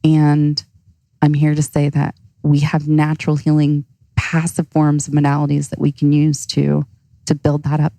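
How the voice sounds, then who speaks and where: Brief: low, gravelly, flat-toned woman coach, earnest and reflective. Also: normal speed, no echo, low-quality recording. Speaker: ice bath coach. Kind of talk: earnest interview answer.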